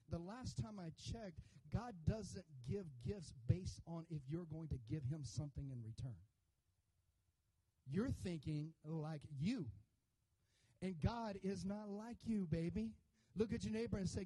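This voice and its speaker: A male pastor with a high-pitched, mellow voice delivers a church sermon. He mixes casual, joking asides with surging, emphatic preaching that calls out to the congregation. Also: normal speed, poor audio. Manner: builds to loud emphatic preaching with call-and-response; conversational asides with humor. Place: church sanctuary.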